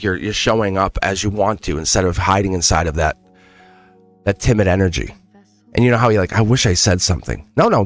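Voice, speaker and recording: A man hosting a live tarot reading stream, telling rambling stories and coaxing viewers in a casual, earnest way. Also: low-pitched. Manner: rambling, animated storytelling with many restarts. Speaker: schoolteacher.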